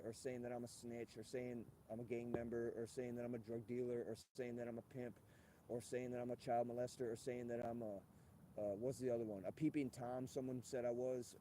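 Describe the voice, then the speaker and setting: A man's voice: medium pitch, dark tone, a little hiss or hum. A man hosting a livestream outdoors at a golf course, rambling and ranting with plenty of profanity. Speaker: livestream host. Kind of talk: rambling live-stream monologue.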